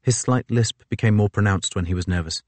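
Deep-voiced male audiobook narrator. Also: fairly quick, darkish tone, no room sound. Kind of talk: scripted narration.

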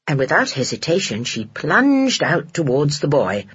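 A narrator reading a children's novel aloud in a gentle, measured storytelling manner. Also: mid-range voice, huge pitch swings, slightly rough, no room sound. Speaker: audiobook narrator. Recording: dull lo-fi dry recording.

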